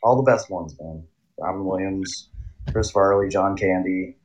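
A man co-hosting a podcast in casual chat, laughing a lot and retelling comedy scenes in squeaky quoted voices. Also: a little slow, slight background noise, rough recording. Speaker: podcast co-host.

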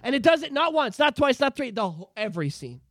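A man hosting a casual podcast, ranting excitedly about movies and swearing freely. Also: very high voice, quick pace, dry recording. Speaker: podcast host. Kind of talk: casual chat.

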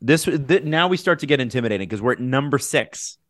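A man's voice: mid-range voice, brisk. Guy hosting a hot sauce chat, nose running, whoops a lot, voice all over the place. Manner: animated, whooping loudly at the heat. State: nose running from spicy food. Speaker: host. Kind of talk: casual chat while tasting hot sauce.

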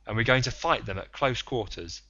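A man's voice: mid-range voice, moderate pace, gravelly, pushed and bright, lo-fi sound. Captain Nemo, a curt stern sea captain, read by a man. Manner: curt, matter-of-fact. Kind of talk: audiobook character reading.

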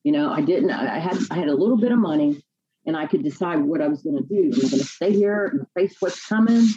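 A woman's voice: low-pitched, expressive, warm tone, breathy edge, dull audio. Woman telling her story near tears. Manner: halting, repeats and restarts words. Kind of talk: emotional personal testimony.

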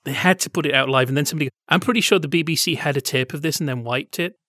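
A man with a slightly raised pitch talks with nerdy enthusiasm and laughs readily. His delivery is casual and upbeat. The recording is dry, with no room sound. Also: rapid-fire, bright, forceful tone, no room sound. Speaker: podcast co-host. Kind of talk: casual chat about old television.

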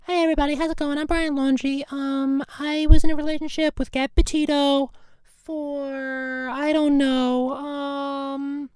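A woman's voice: high voice, level tone, a little slow, a little mellow, no echo, studio quality. A woman playing a vague young man in an improvised comedy bit, mumbling and full of "like" and "you know". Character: aimless young man denying blame. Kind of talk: improvised comedy role-play.

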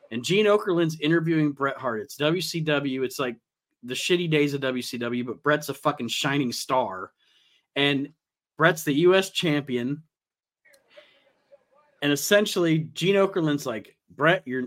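A man hosting a casual podcast, talking loosely and laughing often. His voice sits a little high for a man. He swears freely and casually. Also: fairly bright tone. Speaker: podcast host.

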